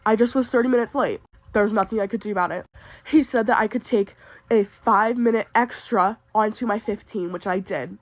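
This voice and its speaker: A woman's voice: medium pitch, brisk, dry recording. A young adult woman who works retail tells a storytime in exasperated, ranting bursts, sick and upset. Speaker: retail worker. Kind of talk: storytime venting video.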